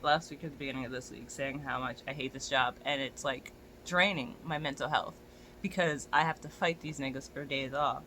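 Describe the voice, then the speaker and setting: A young adult ranting into a phone camera about dog-walking work, exasperated and swearing freely, the voice bright and mid-pitched. The outbursts climb toward near-shouts, with a faint hiss behind. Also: fairly even intonation, fairly quick. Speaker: dog walker.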